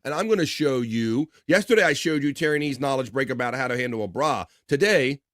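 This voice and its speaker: A man's voice: mid-range voice, lively intonation, fairly quick, a bit bright, no echo, studio quality. A man hosting a casual live stream, rambling, laughing often and restarting his sentences. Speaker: livestream host.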